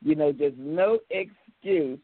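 Speaking slowly in a low voice, a woman ministers as host of a call-in radio talk show. She fills the conversation with warm church-style affirmations and frequent laughter. The audio is tinny and phone-like, dry, with no room sound.

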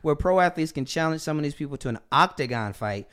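A man's voice: a little high, quick pace. A man co-hosting a casual sports podcast, telling stories with acted-out quotes and frequent laughter. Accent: Southern US. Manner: animated storyteller who acts out quotes and laughs often. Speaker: podcast co-host.

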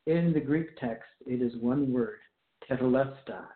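A man preaching a sermon, reading scripture aloud and then explaining it with slow, deliberate emphasis. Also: medium pitch. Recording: echoey, phone-like tinny sound.

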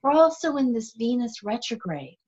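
A woman's voice: on the high side, normal speed, husky. A middle-aged woman talking through a shamanic practice in a casual, earnest way, often restarting her sentences. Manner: earnest, animated, self-correcting speech. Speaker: shamanic guest. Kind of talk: casual conversation. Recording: dull lo-fi audio.

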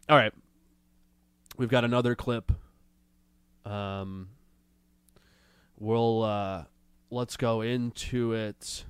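Male host, sarcastic commentary, a bit under the weather; smooth, close and dry. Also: medium pitch, fairly bright tone, no room sound. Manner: sarcastic, mocking, drawn-out jokes. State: has a cold. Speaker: livestream show host. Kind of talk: casual commentary reacting to clips and chat.

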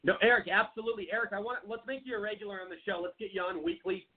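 Fast-talking blunt male host. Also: high voice. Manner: blunt, indignant. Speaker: talk show host. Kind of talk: political talk show. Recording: tinny phone line.

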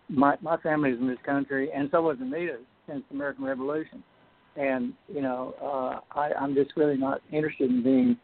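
Gravelly guy phoning into a radio show, stops and restarts a lot, sounds like a phone line. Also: medium pitch. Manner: halting, many restarts and fillers. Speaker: guest, film producer.

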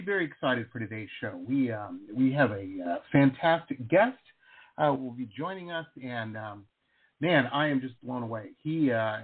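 Man, host, rambling and eager, husky, lively pitch, phone-quality audio. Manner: enthusiastic, rambling with many fillers. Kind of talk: casual radio talk show interview. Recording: phone-like radio talk line.

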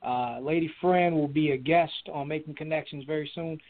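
Easygoing male call-in host, higher voice, tinny phone-line sound. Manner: easygoing, repeats phone numbers slowly. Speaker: show host. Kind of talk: hosting a call-in show.

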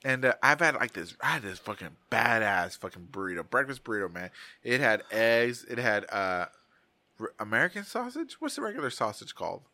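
A man's voice: mid-range voice, sing-song, brisk, bright, forceful tone, dry recording. A middle-aged man, co-hosting a podcast and telling rambling, profane stories in casual chat. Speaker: podcast co-host.

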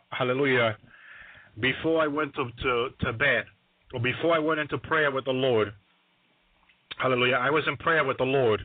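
Stammering preacher saying hallelujah, phone line. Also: male voice, mid-range voice, dry recording. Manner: repeats "hallelujah" constantly, stammering restarts; grows louder and more excited. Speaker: radio ministry preacher. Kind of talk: testimony sermon. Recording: dry, phone-like radio broadcast line.

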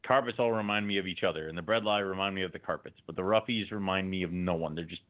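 A man chatting casually as a podcast co-host, telling stories with laughs and animated rants. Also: fast talker. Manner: animated, laughing storyteller who gets louder and higher when ranting. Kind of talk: casual chat. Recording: phone-like narrow audio.

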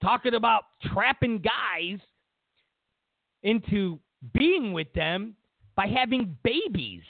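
A man's voice: very high voice, lively intonation, unhurried, gravelly, no room sound, phone-quality sound. A man hosting a political commentary show, ranting sarcastically and exasperatedly, repeating himself as he mocks the news.

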